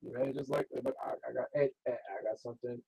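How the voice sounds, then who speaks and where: A man chats casually on a live stream, cutting in with short reactions and loose stories. His voice is husky at a middling pitch. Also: fairly even intonation, fast talker, no room sound, highs cut off. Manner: offhand, interjecting with short reactions.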